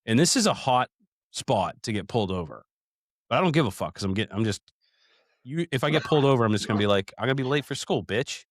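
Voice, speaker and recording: A man in his thirties on a casual podcast, spinning profane, rambling stories in a lowish voice. The sound is close and dry, with no room around it. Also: sing-song, fast talker, dry recording. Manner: profane, rambling storyteller, calls listeners "dude". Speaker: podcast co-host.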